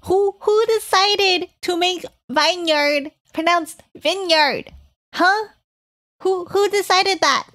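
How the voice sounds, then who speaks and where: A woman's voice: very high voice, fairly even intonation, slow, a bit bright, voice pushed up, exaggerated voice. A woman streamer putting on a cutesy uwu baby-talk voice, giggling and stumbling over words as she reads to chat. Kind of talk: live stream chat in a put-on voice.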